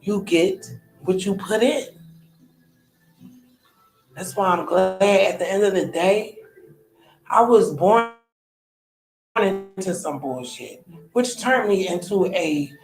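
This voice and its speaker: A woman in her thirties talks through a candid personal monologue as a podcast host, in an everyday colloquial way that often trails off and starts over. Her pitch sits in an ordinary middle range. The recording carries a noticeable room echo. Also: expressive, takes it slowly, long pauses, faint music behind. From United States.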